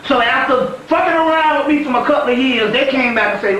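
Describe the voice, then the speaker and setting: A man's voice: very high voice, normal speed, sharp tone. A man telling a spiritual story as a teacher, in a profane, emphatic lecture with frequent laughter, recorded from across a very echoey room. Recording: echoey room from far off, faint noise.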